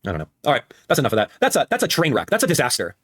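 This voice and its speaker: A man in his thirties doing live-stream commentary, animated and repeating his phrases for emphasis. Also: medium pitch, very fast, slightly rough. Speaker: streamer reacting with chat.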